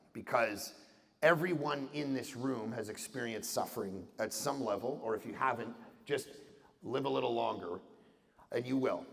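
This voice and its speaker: A middle-aged man from Canada giving an animated talk to an audience, acting out voices in his stories. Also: medium pitch, vocal fry. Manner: animated storytelling with acted-out voices and jokes. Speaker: conference speaker. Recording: reverberant hall sound.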